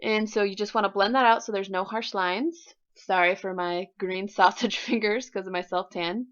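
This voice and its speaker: Smooth-voiced woman narrating makeup tutorial. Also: mid-range voice, steady tone, moderate pace, fairly bright tone. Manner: chatty, self-mocking asides. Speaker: beauty vlogger. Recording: slightly dull voiceover audio.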